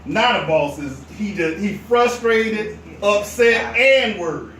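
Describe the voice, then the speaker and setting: A man preaching a sermon as pastor, telling a story with animated delivery. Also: high-pitched, takes it slowly. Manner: animated storyteller, drops to a hush for quoted whispers. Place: church sanctuary. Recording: echoey church from a distance, faint noise.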